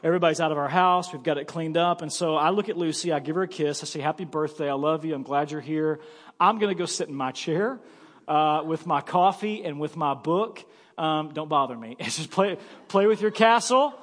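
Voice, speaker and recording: Man, pastor, high voice, storytelling sermon, joking, long reverb from a church hall. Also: brisk, a bit bright. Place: church sanctuary.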